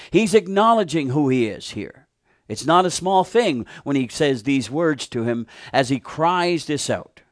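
A man preaching a sermon, retelling a Bible story with animated, fervent emphasis. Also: a little high, no echo, clean studio sound.

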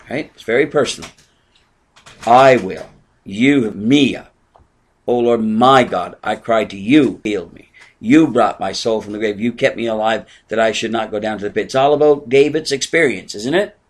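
An older man preaching an earnest sermon, moving from soft asides to raised exclamations. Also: medium pitch. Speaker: pastor.

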